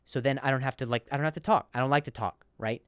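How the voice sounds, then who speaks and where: A man in his thirties with a stutter, hosting a comedy podcast and telling stories in animated, repetitive rants. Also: mid-range voice, quick pace, clean tone, no echo, studio quality. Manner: stammers and repeats words, animated rants. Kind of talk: comedic monologue.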